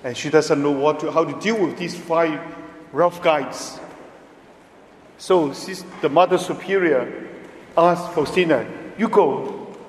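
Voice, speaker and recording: A priest preaching a homily, his voice fairly high for a man and very slow. He pauses often and leans on his words. The sound rings in a large church with a long reverb. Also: a little hiss or hum. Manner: slow, emphatic, pausing often, non-native phrasing. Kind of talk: homily at Mass.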